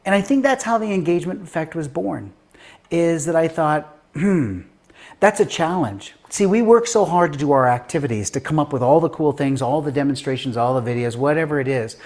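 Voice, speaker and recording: A middle-aged man, a guest author and science educator, telling anecdotes in an interview. He acts out the voices of the people in his stories and swings between loud, quick bursts and slow, quiet lines. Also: a little high, lively intonation. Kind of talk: animated storytelling in an interview.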